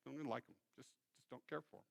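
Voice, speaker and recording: A man, a pastor, preaching a sermon in a church and telling a story in an animated way. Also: medium pitch, very fast, creaky. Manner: storytelling, acts out quoted voices. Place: church sanctuary.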